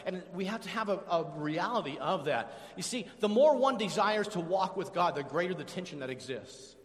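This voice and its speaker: Pastor, man, high voice, animated sermon with call-and-response, long church reverb. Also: moderate pace. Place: church sanctuary.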